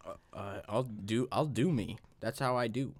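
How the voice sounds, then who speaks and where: A man's voice: mid-range voice, normal speed, no room sound. A man hosting a casual comedy chat from a blanket fort, joking and teasing. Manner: joking, playful, self-deprecating. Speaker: podcast host.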